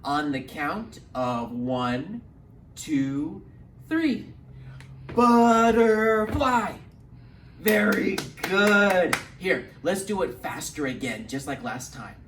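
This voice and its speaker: Animated slow-talking storytime man. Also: medium pitch. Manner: animated, encouraging, speaks slowly to little ones. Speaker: children's librarian. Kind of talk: children's storytime lesson. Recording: roomy, distant mic, faint hum.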